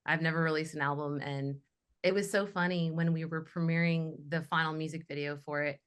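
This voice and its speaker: Low-voiced young woman, passionate. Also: fairly quick, clean tone. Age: young adult. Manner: passionate, animated storytelling. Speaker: guest, metal vocalist. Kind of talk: casual panel discussion.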